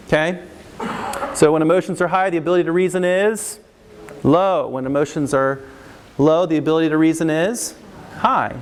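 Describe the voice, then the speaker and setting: A middle-aged man, a counselor giving a parenting talk to a live audience, lively and acting out parents and kids. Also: a little high, normal speed, pauses often, slight background noise. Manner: animated, acts out parents and kids in raised voices. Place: large hall with live audience. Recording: long reverb of a large hall.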